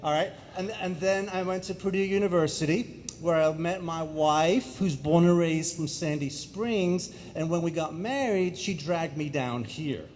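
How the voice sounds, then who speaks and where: A middle-aged man from England, a guest speaker giving a lively, jokey presentation that speaks directly to the audience in a high school auditorium. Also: measured pace, few pauses, soft background music.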